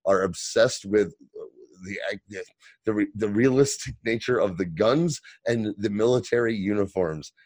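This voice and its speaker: A man co-hosting a podcast, recapping a TV episode in casual, profane, animated chat. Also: fairly low pitch, a little slow, no room sound. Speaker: podcast co-host.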